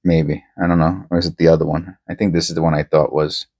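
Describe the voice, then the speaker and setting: A man hosting a casual coin-hunting vlog, rambling and excitable, often tacking "man" onto his sentences. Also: extremely low pitch, fast talker.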